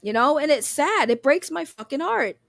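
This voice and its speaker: A woman's voice: high voice, animated, normal speed, vocal fry, fairly bright tone, no echo. A woman hosting a livestream and reading chat, ranting in an impassioned, profane way and getting emotional, close to tears. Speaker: streamer host.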